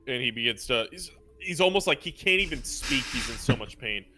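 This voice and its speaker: A man narrating a tabletop role-playing game as game master, chatty and quick to laugh. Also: mid-range voice, animated, bright, forceful tone, soft background music. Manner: laughs often, loose and chatty.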